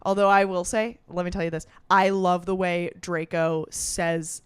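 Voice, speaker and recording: A young woman does stand-up in a clear, smooth voice, ranting sarcastically with swearing and quick asides. The recording is dry and close, with no room sound. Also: on the low side, fairly even intonation, no echo. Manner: sarcastic rants. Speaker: comedian. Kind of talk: stand-up comedy.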